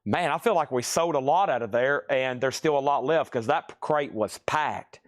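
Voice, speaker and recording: A man in his record store runs a live-stream sale, calling out titles and prices in a quick sales patter. His voice sits in a plain middle range and sounds tired and worn from hours of talking. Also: medium pitch. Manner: rapid auction-style calling of items and prices, chatty asides.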